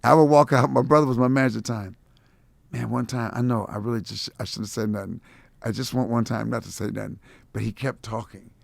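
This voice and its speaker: A middle-aged man tells his stories with a rough, gravelly edge, jumping into the voices of everyone he quotes. The sound is close and dry, with no room around it. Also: medium pitch, quick pace, no echo. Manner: animated storyteller acting out quotes, laughing. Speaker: guest comedian. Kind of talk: casual storytelling interview.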